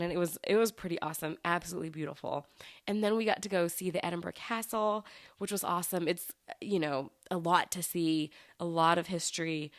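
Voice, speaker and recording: A woman's voice: lowish voice, a bit bright, dry recording, clean studio sound. A woman, hosting a podcast and telling a travel story in a chatty way. She laughs often and acts out the people she quotes. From United States. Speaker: podcast host.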